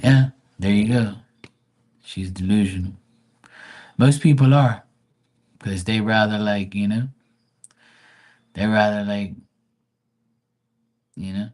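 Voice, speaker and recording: A man with a somewhat low voice talks loosely to his live-stream viewers. He is crude and boastful, and he rambles along with plenty of "like" and "you know." It is unscripted, casual chat. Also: steady tone, takes it slowly, long pauses, darkish tone.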